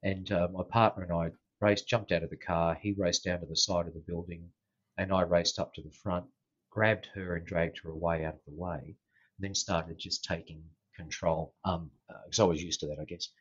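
A husky, very deep-voiced Australian man recounts an old story in an easygoing, anecdotal way, with plenty of ums and restarts. The sound is dry and a bit dull and lo-fi. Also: steady tone, dry recording. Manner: unhurried, anecdotal, with frequent fillers and restarts. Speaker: guest, former police officer. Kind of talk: casual storytelling in an interview.

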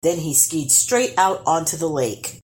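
A woman reading a children's storybook aloud, expressive and lively. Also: fairly low pitch, measured pace. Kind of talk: storybook read-aloud narration.

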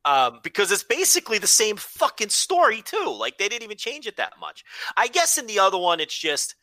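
A man's voice: high-pitched, wildly swooping pitch, a little fast, bright, forceful tone, no echo. A man co-hosting a podcast in loose, profane, joking chat. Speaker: podcast co-host. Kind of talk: casual chat.

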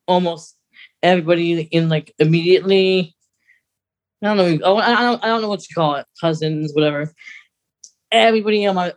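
Chatty young man rambling along. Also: sits high. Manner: rambling, chatty, quick laughs. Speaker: podcast co-host. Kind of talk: casual chat.

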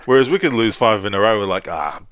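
A man's voice: lowish voice, quick pace, a bit bright, clear, resonant tone, no echo, clean studio sound. A man hosting a podcast, chatting casually and laughing often with Aussie slang. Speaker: podcast host. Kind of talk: casual chat. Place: home, living abroad.

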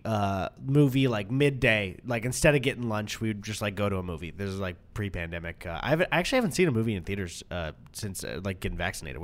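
A young man co-hosting a podcast, telling a story in casual chat, swearing freely and acting out what people said. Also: mid-range voice. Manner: animated storyteller, acts out quotes. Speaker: podcast co-host.

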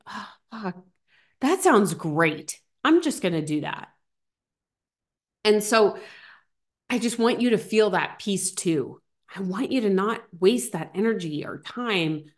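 A middle-aged woman hosting a podcast, telling stories in a chatty, animated way with lots of fillers. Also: mid-range voice. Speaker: podcast host. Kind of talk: casual solo podcast talk.

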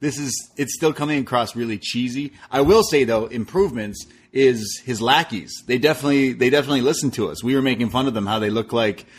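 A man's voice: mid-range voice, fast, hardly any pauses. A man co-hosting a podcast in casual chat, rambling with lots of "like" fillers. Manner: rambling, heavy use of "like". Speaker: podcast co-host.

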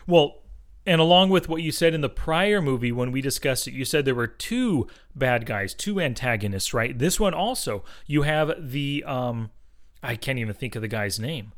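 An American man co-hosts a relaxed movie discussion. He sounds enthusiastic and talks in a conversational way. His voice sits in an ordinary middle range. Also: medium pitch, moderate pace. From United States. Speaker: podcast co-host discussing films. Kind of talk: casual chat.

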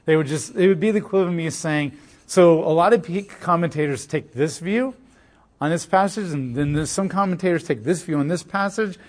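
Male pastor, casual sermon delivery, slightly high voice, animated storytelling.

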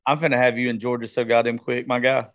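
A man's voice: medium pitch, little pitch movement, fast talker. A man hosting a podcast in a laid-back, slangy way, often stammering as he starts. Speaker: podcast host. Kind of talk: casual chat.

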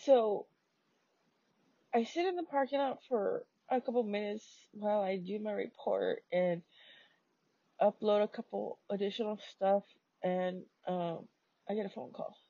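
A woman tells her own story at an unhurried pace, in a dark, gravelly voice with a husky edge. Her talk is casual and peppered with swearing and fillers. The recording sounds dull and lo-fi. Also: mid-range voice, no echo. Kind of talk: casual personal story telling.

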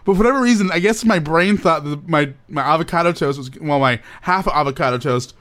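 A young man co-hosting a casual chat show, telling a story in an animated, laughing way with playful overacting. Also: a little high, a little fast. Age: young adult. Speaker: podcast co-host.

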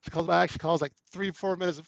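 A man's voice: sits high, fast talker, creaky, no room sound, lo-fi sound. A man, an actor guest, telling anecdotes in casual chat and acting out the quoted lines. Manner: animated storyteller who acts out quoted lines.

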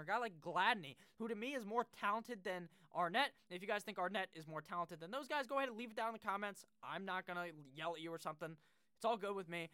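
A young man talks through sports picks in a loose, rambling way, swearing freely and laughing at his own slips. His voice is bright and crisp, and the sound is dry and close, with no room echo. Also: sits high. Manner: rambling, profane and self-deprecating. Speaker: sports fan video creator. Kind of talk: casual draft-pick commentary.

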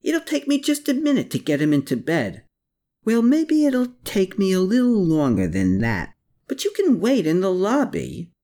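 Narrator doing a gentle earnest young guy, insistent, voice lifted. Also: high voice, huge pitch swings, normal speed, pitched above the performer's own voice, exaggerated voice.

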